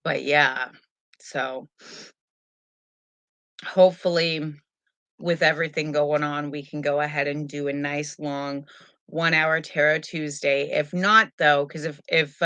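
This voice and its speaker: A woman hosts a live tarot stream from home, chatting into a webcam in a rambling, easygoing manner. Her voice is low-pitched with a fairly bright tone, and the audio is dull with no echo.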